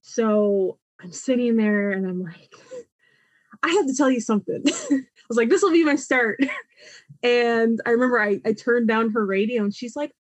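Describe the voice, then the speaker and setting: Young woman guest, lively storyteller, close dry mic. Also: a little high, normal speed, no echo. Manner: animated, laughs often, acts out quoted voices. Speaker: podcast guest, artist. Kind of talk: personal storytelling in a podcast interview.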